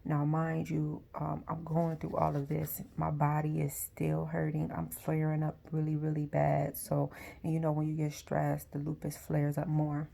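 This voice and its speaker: A woman telling a personal story in a soft, halting way, with frequent pauses and moments that sink to a near whisper. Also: deep voice, monotone, gravelly. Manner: often drops to a near whisper. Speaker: vlogger.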